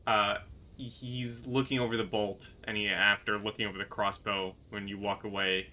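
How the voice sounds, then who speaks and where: Man, game master, tabletop game, bright forceful voice, hesitant, fillers. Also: fairly low pitch, flat delivery, moderate pace. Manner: hesitant, many ums and restarts. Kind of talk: running a tabletop game and voicing a villager.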